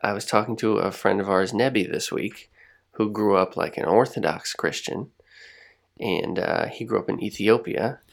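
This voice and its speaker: Podcast co-host, male, low and gravelly, thoughtful rambling delivery with restarts. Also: moderate pace. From United States. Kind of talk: reflective casual chat.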